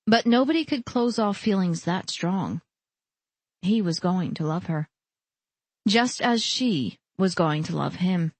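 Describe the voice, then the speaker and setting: A woman narrating a romance audiobook with soft storytelling. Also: lowish voice, dry recording. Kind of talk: scripted narration.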